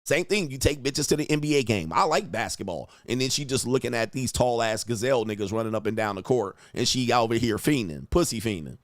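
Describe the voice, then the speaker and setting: A man's voice: medium pitch, expressive, fairly quick, few pauses, no echo. Blunt, crude man mocking on a dry mic. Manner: blunt, crude, mocking, acts out quoted voices. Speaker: host reacting to video clips. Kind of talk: profane commentary on relationships.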